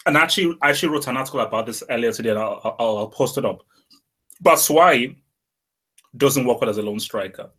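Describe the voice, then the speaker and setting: A man's voice: mid-range voice, a bit bright. A man co-hosting a casual football podcast, arguing his points emphatically and often repeating words as he starts a sentence. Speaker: podcast co-host.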